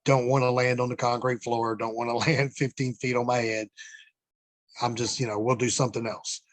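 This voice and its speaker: A man's voice: mid-range voice, level tone, normal speed, dry recording. A middle-aged man, a former wrestler, telling rambling stories as a podcast guest, with frequent fillers and some cursing. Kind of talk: casual storytelling interview.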